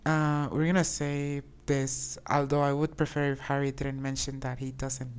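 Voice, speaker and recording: A woman talks casually while playing a game, low in pitch. She is chatty and hesitant, often restarting her sentences. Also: completely flat delivery, a little fast, hardly any pauses, a little mellow, clean tone. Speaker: streamer. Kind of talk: casual gameplay commentary.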